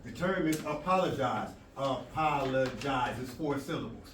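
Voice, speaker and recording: A man's voice: medium pitch, lively intonation, measured pace, fairly bright tone. Emphatic male teacher in an echoey room. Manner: emphatic, plays out quoted exchanges, plays with rhymes. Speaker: language arts teacher. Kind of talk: motivational talk to students. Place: school presentation room. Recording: echoey room from far off, with noise.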